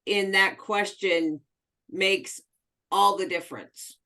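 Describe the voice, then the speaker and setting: Bright-voiced woman chiming in on a call. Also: medium pitch, steady tone, slow pace. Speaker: participant in the coaching session. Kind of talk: casual chat on a video call. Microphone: video call.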